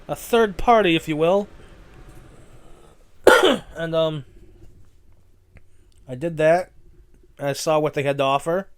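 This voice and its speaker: A man's voice: on the high side, clean tone. A man hosting a casual solo podcast, rambling and correcting himself, swearing now and then. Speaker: podcast host.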